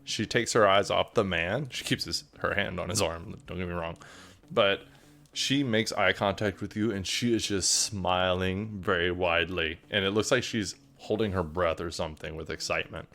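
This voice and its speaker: A man's voice: deep voice, moderate pace, fairly bright tone. A man narrating a tabletop game as game master in a casual, rambling way with lots of fillers.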